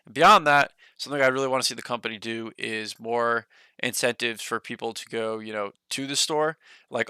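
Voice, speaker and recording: A man's voice: medium pitch, fairly quick, bright, forceful tone, clear, resonant tone, dry recording. A young man hosting a casual stock livestream, rambling loosely with lots of "like" and "you know", a bit short of breath.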